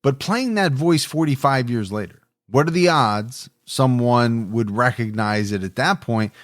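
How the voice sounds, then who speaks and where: A man narrating a true crime podcast in a measured, reflective way. His voice sits in an ordinary middle pitch. The recording is dry and close, with no room sound. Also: animated, no echo. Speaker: podcast co-host.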